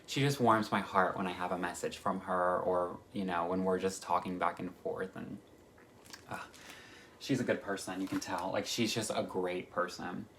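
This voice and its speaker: A man's voice: deep voice, fairly even intonation, moderate pace, vocal fry, a bit bright, a little hiss or hum. Gushing, chatty male stitching vlogger. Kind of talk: casual chat.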